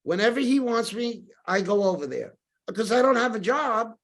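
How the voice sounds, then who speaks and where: Older man, podcast guest, lively storyteller who acts out the people he quotes. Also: high-pitched, normal speed.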